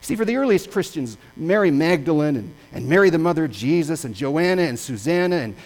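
A male pastor preaching a sermon, impassioned and swinging between loud and hushed. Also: a little high, lively intonation, brisk, soft background music, low-quality recording.

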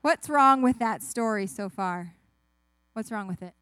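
A woman giving a children's sermon, telling a story with lively asides and questions to the kids. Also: a little high, a little slow, clean tone, dry recording. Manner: animated, asks the kids questions, acts out voices. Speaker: children's message speaker.

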